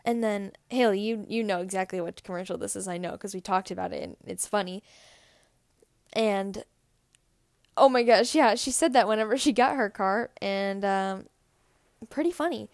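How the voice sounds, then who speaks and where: A woman's voice: mid-range voice, moderate pace, dry recording. Teen girl rambling on her podcast, lots of likes and giggles, dry close sound. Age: teens. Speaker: podcast co-host. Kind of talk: casual solo podcast chat.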